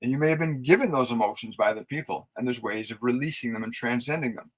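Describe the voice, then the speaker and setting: A man hosting a live stream of spiritual guidance, talking softly and slowly as he leads breathing exercises and answers viewer messages. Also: medium pitch, rough recording. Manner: soft, slow, soothing guided instructions; reads viewer messages aloud and answers them. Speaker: psychic reader and host.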